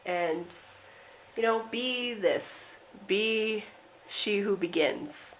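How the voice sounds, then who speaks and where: Woman tarot reader, soft rambling delivery, everyday mid pitch, casual and unscripted. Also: extremely slow, slight background noise, poor audio. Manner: rambling, gentle, with frequent fillers and soft laughs. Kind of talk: pick-a-card tarot reading.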